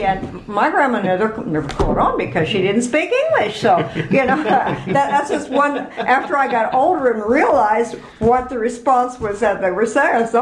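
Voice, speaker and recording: A woman's voice: on the high side, animated, a little slow, roomy sound, noisy background. An older woman being interviewed, chatty and reminiscing, laughing as she remembers. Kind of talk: oral history interview.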